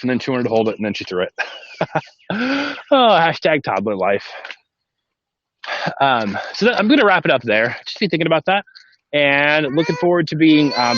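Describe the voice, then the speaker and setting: A man's voice: mid-range voice, fairly bright tone, no echo, muffled recording. A man hosting a casual live-stream podcast from inside a vehicle, chatting in a rambling way and talking to his kids between points. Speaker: podcast host.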